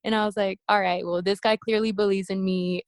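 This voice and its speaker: A woman telling stories from her competition days in a casual interview, acting out quoted voices with animated high-pitched bursts. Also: a little fast, no echo. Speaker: interview guest, bikini competitor. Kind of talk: casual storytelling.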